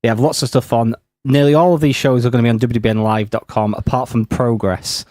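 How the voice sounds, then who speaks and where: A man's voice: mid-range voice, fairly even intonation, a little fast, darkish tone, dry recording. A man on a podcast, earnestly giving a detailed rundown in casual chat. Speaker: podcast co-host.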